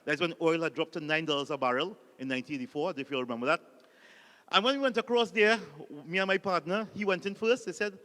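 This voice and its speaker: A Trinidadian man, a Catholic priest, gives a light-hearted talk that is built on anecdotes and drawn-out punchlines. His voice sits high, and he keeps asking the crowd to repeat lines back to him. The sound carries a long reverb from a large hall. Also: sharp tone. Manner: jokey storyteller, calls on the audience to repeat lines. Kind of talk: humorous motivational talk.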